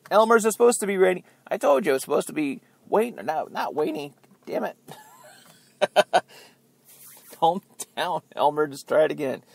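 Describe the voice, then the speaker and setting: A man rants on his own podcast in a loose, sarcastic, chatty way and chuckles at his own jokes. His voice sits a bit high and swings widely up and down. The sound is dry and close, with no room echo. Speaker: podcast host. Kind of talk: rambling political rant. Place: outdoors near beeping buses.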